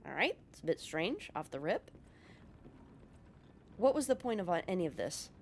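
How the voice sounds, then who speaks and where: Animated casual woman telling a story. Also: fairly low pitch, normal speed, a little hiss or hum. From California. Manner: casual, animated, swears and laughs. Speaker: gaming YouTuber. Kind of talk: storytelling over gameplay.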